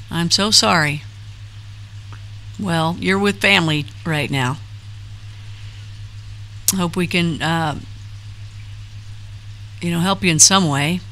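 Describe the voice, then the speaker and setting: A middle-aged woman hosts a live stream in a bright, forward voice. She chats loosely, reads viewer names aloud and fills gaps with fillers as she goes. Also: on the low side, expressive, takes it slowly, long pauses. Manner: chatty, rambling, reads chat names aloud with frequent fillers. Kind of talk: casual live-stream chat reading comments.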